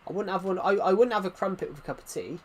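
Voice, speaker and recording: A man's voice: high voice, racing, a little hiss or hum. A man giving casual, rambling commentary while playing a video game, chatting and drifting onto side topics. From Britain. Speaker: gaming channel host.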